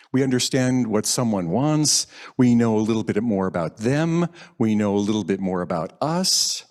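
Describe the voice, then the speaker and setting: Man, minister, sermon, slow delivery, animated pitch, gentle reflective tone. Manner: slow, gentle and reflective, lingering on quoted phrases. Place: church sanctuary.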